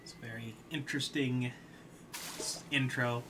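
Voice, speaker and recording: A man's voice: mid-range voice, fairly even intonation, unhurried, over music. A man casually commenting while playing a video game on stream, chatty and self-deprecating.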